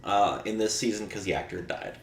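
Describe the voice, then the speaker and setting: A man's voice: lowish voice, fairly quick, vocal fry, a little hiss or hum. A man hosting a podcast in casual chat, recapping the plot with lots of fillers and the odd blunt swear. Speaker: podcast host. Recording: roomy echo.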